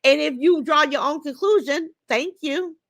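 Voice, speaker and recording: A woman's voice: high voice, moderate pace, a bit bright, dry recording. A middle-aged woman hosts a livestream, reading viewer comments and profanely, confrontationally calling out rivals. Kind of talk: unscripted livestream chat.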